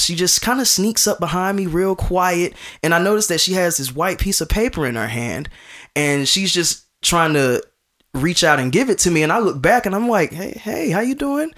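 A young man on a podcast tells a personal story in a relaxed, conversational way. He gets animated and acts out the people he quotes, with plenty of restarts and repeated words. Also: a little high. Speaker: podcast host. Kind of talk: casual storytelling.

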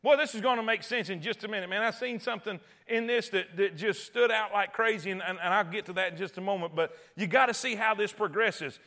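Man, preacher, high voice, sermon, emphatic, repeats himself, loud then hushed. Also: brisk, hardly any pauses. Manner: emphatic, swinging between loud cries and hushed tones; repeats phrases and restarts often.

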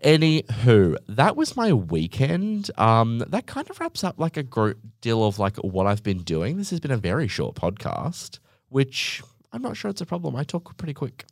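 A man's voice: mid-range voice, wildly swooping pitch, normal speed, vocal fry, no room sound, studio quality. A young man hosting a podcast, telling a rambling, sarcastic story full of "like" and asides. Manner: sarcastic, rambling, heavy use of "like". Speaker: podcast host. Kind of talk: casual storytelling monologue.

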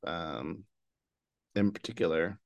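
A man's voice: low voice, slow pace, no echo. Laid-back man with wry humor. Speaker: podcast co-host. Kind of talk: casual chat.

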